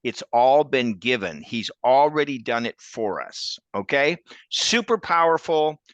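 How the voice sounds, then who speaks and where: Brief: male preacher-teacher, animated and emphatic, dry close-miked sound. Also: measured pace, no room sound. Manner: animated, emphatic storyteller with big pitch jumps. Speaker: ministry co-teacher. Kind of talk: preaching with a retold story.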